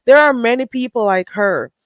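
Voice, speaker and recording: A woman's voice: on the high side, lively intonation, normal speed, no echo. Earnest woman in casual chat, preachy, dead dry sound.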